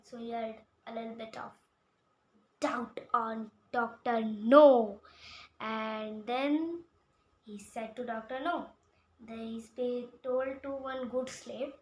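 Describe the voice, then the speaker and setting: A woman from India, retelling a picture book in a halting way and repeating words. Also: on the high side. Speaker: storyteller. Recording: echoey room with faint hum.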